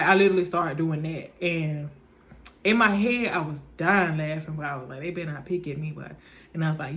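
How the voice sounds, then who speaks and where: A young woman, casually telling her viewers a personal story, acting out what everyone said. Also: lowish voice. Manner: chatty, animated, speaks in reported dialogue, says "y'all" often.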